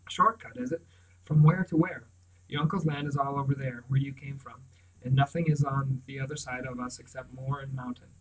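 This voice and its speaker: Man doing a cold, sneering storybook farmer, quick-tempered, middle-aged, mic set back. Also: mid-range voice, fairly even intonation, recorded from a distance, natural voice, low-quality recording. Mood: contemptuous. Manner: contemptuous, cold, quick to anger. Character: surly suspicious middle-aged male Welsh farmer.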